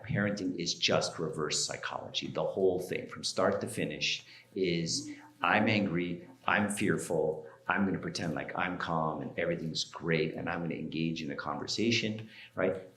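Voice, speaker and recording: A man's voice: deep voice, fairly bright tone, reverberant. A middle-aged man, an archdeacon giving a parenting seminar, talking conversationally and telling stories, often checking in with "right?". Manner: conversational, storytelling, keeps asking "right?". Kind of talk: seminar talk. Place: church hall.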